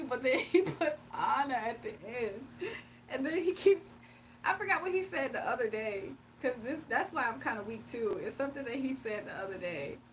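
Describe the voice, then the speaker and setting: Playful laughing streamer woman from Virginia. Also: high voice. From Virginia, USA. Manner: laughs often, loose and playful. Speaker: livestream host. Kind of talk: casual livestream chat reading comments. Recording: mic a bit far off, faint room noise.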